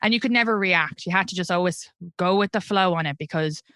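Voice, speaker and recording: A woman's voice: on the low side, a little fast, fairly bright tone, clear, resonant tone, dry recording, studio quality. An Irish woman in her thirties, a comedian chatting candidly as an interview guest and laughing often. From Ireland. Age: 30s. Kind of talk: casual interview chat.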